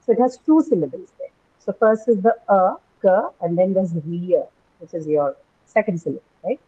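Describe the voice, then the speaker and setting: A woman's voice: mid-range voice, moderate pace, slightly rough. A woman teaching an English class online, patiently repeating words and questioning her students. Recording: tinny phone-like call audio.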